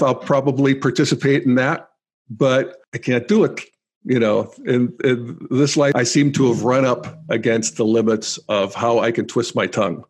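A man hosting his own podcast, talking through listener comments in a thoughtful, measured way with pauses. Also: medium pitch. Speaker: podcast host. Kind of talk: reflective solo podcast monologue.

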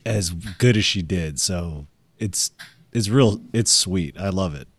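A man's voice: sits low, slow, no room sound. A man co-hosting a casual comedy podcast, making wry, rambling asides with hesitations. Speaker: podcast co-host.

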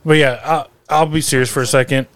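A man with an ordinary mid-pitched voice, hosting a casual podcast chat. He is opinionated and rambling, often stumbling over repeated words as he lays out his view. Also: fairly even intonation, fast talker. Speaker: podcast host.

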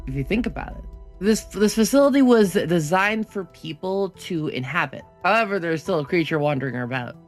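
A game master narrating a tabletop horror campaign, with a gravelly edge to the voice and faint music underneath. The delivery is measured, leaning on dramatic pauses. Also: female voice, fairly low pitch.

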